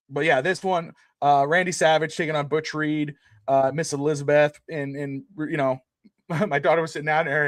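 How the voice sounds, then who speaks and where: A man's voice: on the high side, fairly bright tone, no echo, clean studio sound. A man co-hosting a podcast in casual sports chat, rambling with lots of filler words. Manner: rambling, many "you know" fillers. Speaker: podcast co-host.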